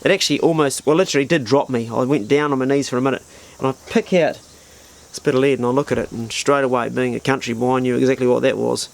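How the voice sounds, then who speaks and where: A man's voice: mid-range voice, fairly even intonation, fast, vocal fry. A middle-aged man telling a vivid, profane personal story in a casual spoken style. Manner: colourful, vivid, swears freely. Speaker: storyteller, channel host.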